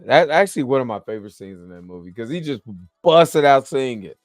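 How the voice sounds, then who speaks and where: A worn-out man talks through a TV episode in a loose, slangy ramble, checking in with his viewers again and again. His voice sits at an ordinary middle pitch and sounds close and dry, with faint music underneath. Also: expressive, brisk, no room sound. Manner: rambling, slangy, chatty, keeps asking "you know what I'm saying". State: tired, yawning after a long work shift. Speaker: show host reviewing a TV episode. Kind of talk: casual video review.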